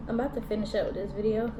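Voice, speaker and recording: A woman chats casually through a mukbang, talking slang with her mouth full between bites. Her voice sits a little high. She sounds a bit far from the mic in an echoey room, with steady background noise. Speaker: mukbang vlogger. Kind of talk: casual chat while eating.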